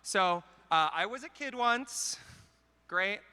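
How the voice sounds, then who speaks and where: A man's voice: high voice, animated, bright, forceful tone, clean tone. A man from Canada giving a comedic, self-deprecating conference talk into a handheld mic in a large hall. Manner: wry, self-deprecating, quick jokes. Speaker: conference speaker.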